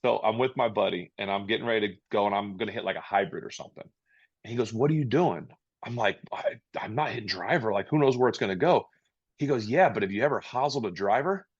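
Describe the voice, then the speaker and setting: A man's voice: on the low side, fast talker, breathy edge, lo-fi sound. A man who is a guest on a podcast, chatting casually and rambling with many restarts. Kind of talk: casual interview chat.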